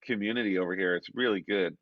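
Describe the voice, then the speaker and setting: A low-pitched man gives casual feedback on submitted songs. He rambles a little and repeats words as he looks for them. His voice comes across dull and muffled in a dry, close space. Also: quick pace, dry recording. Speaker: A&R song reviewer.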